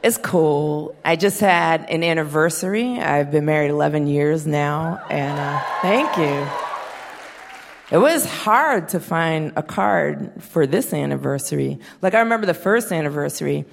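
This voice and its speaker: A woman in her thirties doing a profane, deadpan stand-up set, acting out quotes in her stories. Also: deep voice, a little slow, vocal fry. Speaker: stand-up comedian. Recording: long reverb of a performance hall.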